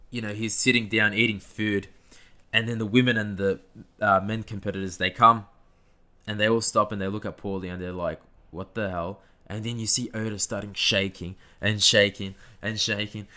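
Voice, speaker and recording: A man's voice: on the low side, pushed and bright. A man hosting a podcast, giving a rambling, enthusiastic casual recap of a wrestling event. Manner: rambling, enthusiastic play-by-play retelling. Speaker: podcast host.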